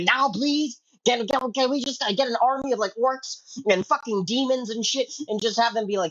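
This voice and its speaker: A man delivering a comedic angry rant as an online commentator, profane and explosive, swinging between low mutters and sudden yelling. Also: highs cut off.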